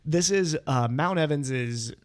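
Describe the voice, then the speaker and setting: A man's voice: fairly high pitch, unhurried. A man co-hosting a cycling podcast, talking casually with lots of restarts. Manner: rambling, full of restarts and fillers. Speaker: podcast co-host. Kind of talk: casual chat.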